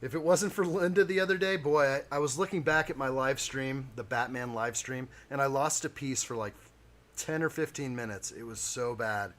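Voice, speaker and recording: A man's voice: mid-range voice, normal speed, a bit bright. A man hosting a live stream, chatting casually with viewers while he builds a model kit.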